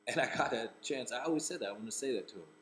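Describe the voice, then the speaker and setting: A man's voice: medium pitch, expressive, rapid-fire, fairly bright tone, slight background noise, rough recording. A man from Rhode Island who works as a comedian and actor, telling a personal story casually with many restarts.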